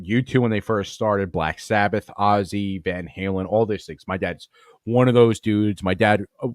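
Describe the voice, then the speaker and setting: A man's voice: fairly low pitch, no echo, studio quality. A man from Long Island hosting a comedy podcast, telling rambling stories full of swearing. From Long Island, New York. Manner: rambling, profane storytelling. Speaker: podcast host. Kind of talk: casual comedy podcast commentary.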